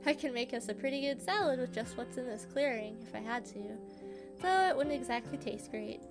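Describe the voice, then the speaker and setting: Brief: woman reading a chipper, down-to-earth young woman, high voice, over game music. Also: fairly quick. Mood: fond. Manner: cheerful, folksy, matter-of-fact. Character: friendly young woman living alone with her old dog.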